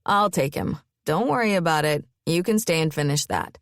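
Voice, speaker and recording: Woman playing a teasing young man, mild, wry, lively intonation. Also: sits low, normal speed, no room sound, studio quality.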